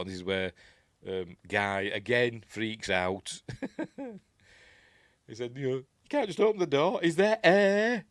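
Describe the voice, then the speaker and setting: A man's voice: on the low side, a bit bright, no room sound. A man with a Yorkshire accent hosting a casual film commentary, rambling and chuckling as he corrects himself. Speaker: host.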